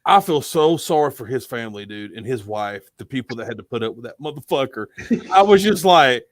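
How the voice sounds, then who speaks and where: A man co-hosting a casual podcast who talks loudly and swears constantly as he tells stories. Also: medium pitch, brisk, no echo. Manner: loud, profane, animated storytelling. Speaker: podcast co-host. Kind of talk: casual chat.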